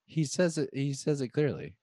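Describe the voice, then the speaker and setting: A man's voice: fairly high pitch, big pitch swings, moderate pace, dark tone, dry recording. Man chatting casually about a movie, dry mic. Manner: rambling, trivia-sharing, frequent fillers. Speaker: podcast co-host. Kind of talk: casual movie-review chat.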